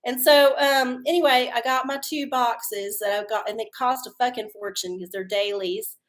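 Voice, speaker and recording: Lady rambling on a livestream, high voice, casual, cusses a lot. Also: steady tone, normal speed. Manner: chatty, folksy, swears freely and laughs often. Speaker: livestream host doing oracle readings. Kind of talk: casual live-stream chat.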